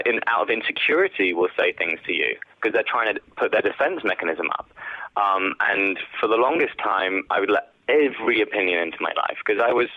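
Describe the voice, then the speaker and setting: A low-voiced man talks reflectively in a relaxed interview, his words steady and sincere. The sound is dry and narrow, as if it comes down a phone line. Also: dry recording. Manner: reflective, earnest, with many fillers. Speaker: guest actor. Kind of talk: casual interview chat.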